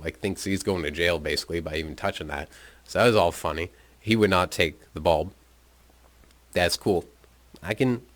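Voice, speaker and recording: Very low-voiced man telling stories casually. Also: fairly bright tone, dry recording. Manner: laid-back, profane, amused. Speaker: vlogger. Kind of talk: casual storytelling. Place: his room.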